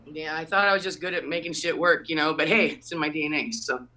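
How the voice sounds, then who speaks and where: A woman's voice: sits low, brisk, pushed and bright, recorded from a distance. A woman doing a loose stand-up set over a video call, swearing and laughing at her own jokes. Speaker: stand-up comic.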